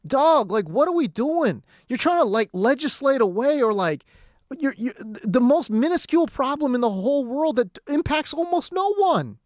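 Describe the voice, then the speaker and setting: Exasperated slangy American radio host. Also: male voice, very high voice, sing-song, moderate pace, darkish tone, no echo, studio quality. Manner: slangy and exasperated, says bro, dude, dog. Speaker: radio sports talk host. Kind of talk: casual opinion rant. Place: radio studio.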